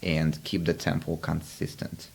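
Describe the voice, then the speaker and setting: A man's voice: rumbling low, monotone, measured pace, creaky, a little mellow, slight background noise. A man hosting a podcast interview, explaining ideas in a reflective, casual way with frequent restarts. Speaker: podcast host.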